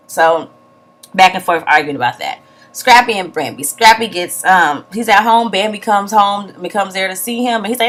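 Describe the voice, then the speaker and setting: Blunt, animated woman recapping a show. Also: mid-range voice, a little fast. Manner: animated retelling with acted-out quotes, profane, blunt. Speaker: TV show reviewer. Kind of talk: casual recap vlog.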